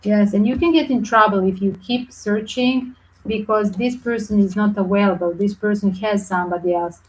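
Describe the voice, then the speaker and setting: A woman's voice: medium pitch, moderate pace, low-quality recording. Chatty woman reading tarot, English. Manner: chatty, animated, non-native English with slips. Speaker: tarot reader. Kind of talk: live tarot reading for viewers.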